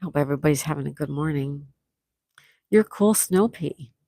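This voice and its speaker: Woman host on a livestream, gravelly voice, dry close sound, reads chat comments out loud. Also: low-pitched, moderate pace, no room sound. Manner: chatty, reads out viewer comments, laughs often.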